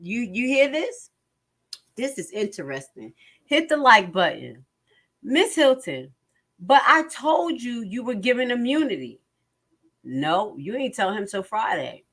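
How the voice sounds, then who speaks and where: A woman's voice: fairly high pitch, very animated, measured pace, fairly bright tone. A woman reading court transcripts aloud and commenting on them emphatically, often asking her viewers questions. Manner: emphatic, repeats phrases, asks viewers questions.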